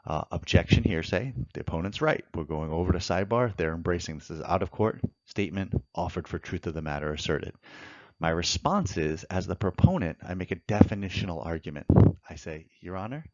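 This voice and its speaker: A man's voice: sits low, expressive, fairly quick, a little mellow, dry recording, highs cut off. A man teaching evidence law in a methodical lecture, walking through courtroom examples step by step. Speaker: law instructor.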